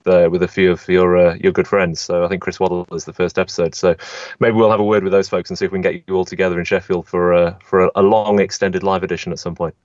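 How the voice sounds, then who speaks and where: A man's voice: low-pitched, little pitch movement, fast, darkish tone, no echo. A man from England hosting a podcast interview, chatty and a little self-deprecating as he asks questions. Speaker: podcast host. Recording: dry, slightly dull call audio.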